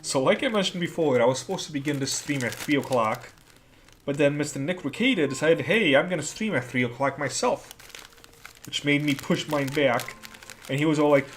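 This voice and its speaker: A man with a slightly high voice hosts a casual livestream from home, talking briskly over a little hiss or hum. He mutters to himself as he works and tosses off dry, sarcastic asides.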